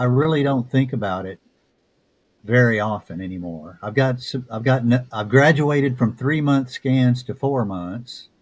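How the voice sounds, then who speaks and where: Reflective Southern man, unhurried. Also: mid-range voice. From Texas. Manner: unhurried, reflective, with frequent restarts. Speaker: author guest. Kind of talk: casual interview talk.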